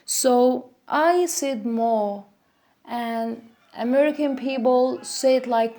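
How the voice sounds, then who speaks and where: A woman with a fairly high, mellow voice teaches English pronunciation, speaking very slowly. She repeats each example word and drills sounds for her learners. Her first language is Arabic. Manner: slow, repetitive, demonstrating sounds.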